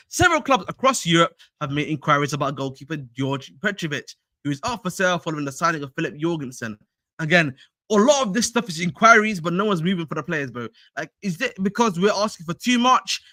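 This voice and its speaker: A young man chatting casually on a livestream, slangy and excitable as he talks to his chat. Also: sits high, dry recording, clean studio sound. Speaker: fan channel livestreamer.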